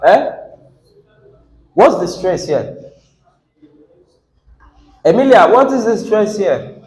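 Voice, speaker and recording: A man's voice: sits high, sing-song, takes it slowly, darkish tone. A man teaching an English class on word stress, asking students questions and repeating words with the stress moved around. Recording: echoey classroom.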